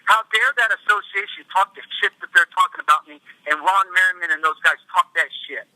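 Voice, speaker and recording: A man's voice: sits high, a little fast, sharp tone, dry recording, low-quality recording. A man, a mayor in an angry, profane rant, repeating himself. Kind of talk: angry rant in a private meeting.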